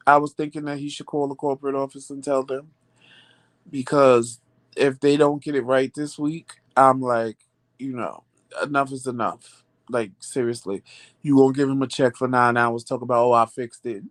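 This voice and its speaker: A man hosting a vlog, telling a story in casual chat, animated and sassy, acting out the back-and-forth and calling listeners "child" and "honey". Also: mid-range voice, moderate pace, no echo. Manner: animated storytelling, acts out quoted exchanges. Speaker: vlog host.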